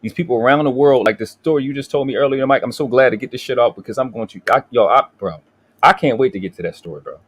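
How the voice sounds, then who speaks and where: A man with a medium-pitched, slightly rough voice talks fast while hosting a livestream. He rants angrily with plenty of profanity and keeps restarting his sentences in this heated talk.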